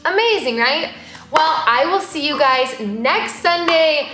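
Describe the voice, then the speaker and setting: A young woman leading a preschool church Bible lesson, sing-song and animated, asking the kids questions. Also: high voice, slow. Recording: roomy echo with faint music.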